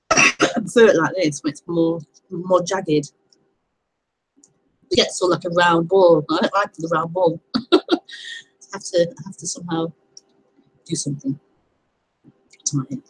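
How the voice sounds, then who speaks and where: A woman hosting a livestream on non-duality, speaking softly and laughing often between chatty asides. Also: lowish voice, unhurried, pauses often, breathy edge, rough recording. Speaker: spiritual teacher.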